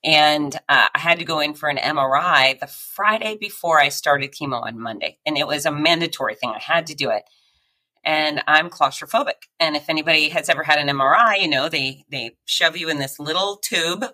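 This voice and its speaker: A woman with a low-pitched voice tells her story as a podcast guest. Her delivery is forceful and bright, and she acts out quoted voices and sound effects. She laughs often along the way. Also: brisk, poor audio. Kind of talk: personal storytelling in conversation.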